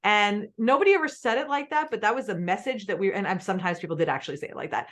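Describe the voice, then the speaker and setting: A woman's voice: medium pitch, fast. Woman podcast host, mid-range voice, casual and chatty, swears. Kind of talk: podcast interview.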